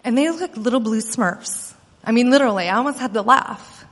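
A woman's voice: a little high, brisk, a bit bright. A woman, a mother, earnestly recounting a personal experience, often acting out quoted dialogue. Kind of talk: personal storytelling. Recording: long hall reverb.

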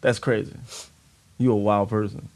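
A man's voice: on the low side, level tone, moderate pace, a little mellow. A man in casual podcast chat, brash and crude, plugging himself and joking. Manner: brash, crude, self-promoting. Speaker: podcast co-host.

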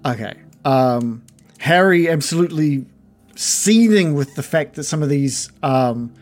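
A man narrating as game master of a tabletop game, describing scenes with many fillers and pauses. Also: on the high side, expressive.

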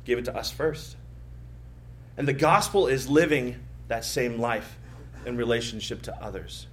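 A pastor preaching a sermon, telling personal stories and rising from quiet asides to emphatic points. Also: male voice, medium pitch, measured pace, a little hiss or hum. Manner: storytelling, swings from soft asides to emphatic rises.

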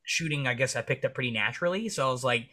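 A man's voice: medium pitch, fast talker, pushed and bright. A young man, a military veteran guest, telling stories in a casual, rambling way full of fillers and swearing. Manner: profane, rambling with many fillers. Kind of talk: casual storytelling in conversation.

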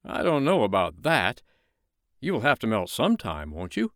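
A stern old Winter King from a bedtime story, gruff and brisk, voiced by a man. He hums and hesitates before deciding. The sound is close and dry. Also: mid-range voice, wildly swooping pitch, fairly bright tone, no echo.

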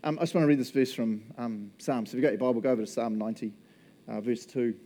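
A man preaching in a relaxed, conversational way, cracking jokes and laughing as he goes. His voice is mellow and warm, sitting at an ordinary middle pitch. He slips into playful little voices for the people in his stories. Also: fast talker. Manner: chatty and jokey, laughs often, acts out little quoted voices. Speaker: pastor. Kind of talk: casual conversational sermon.

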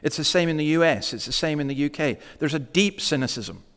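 A man preaching a sermon in a church, talking conversationally and slowing down to stress key words. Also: fairly high pitch, a bit bright, long reverb tail. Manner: conversational preaching, slows for emphasis.

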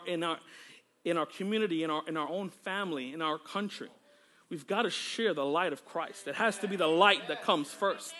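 High-voiced fervent preacher man. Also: fairly bright tone, a little hiss or hum. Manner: fervent, exclamatory, with frequent praise interjections; conversational and joking with the congregation. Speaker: pastor. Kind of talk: sermon. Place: church service.

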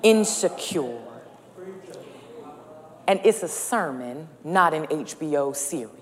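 A woman's voice: deep voice, lively intonation, moderate pace, a crowd in the background. A woman preaching a sermon in a church, speaking in rhetorical, rhythmic repetitions that build in intensity. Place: church sanctuary. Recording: long reverb of a large hall.

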